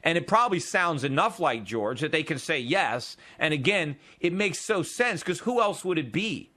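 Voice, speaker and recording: A man's voice: fairly high pitch, sing-song, normal speed, bright, forceful tone. A man hosting a radio talk show, delivering an argumentative, emphatic political monologue with frequent restarts and filler.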